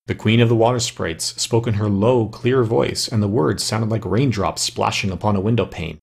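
A man narrates a storybook tale in a measured, steady way. His voice sits low and gravelly, with a husky grain to it. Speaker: audiobook narrator. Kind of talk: storybook reading.

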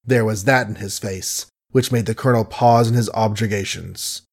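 A man narrating an audiobook in a measured storytelling manner. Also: lowish voice, fairly even intonation.

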